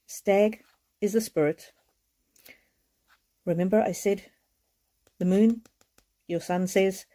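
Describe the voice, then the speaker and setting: Female card reader on a live stream; mellow, heartfelt, slightly tearful delivery. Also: medium pitch, fairly even intonation, drawn-out words, long pauses. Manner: gentle, repetitive, heartfelt.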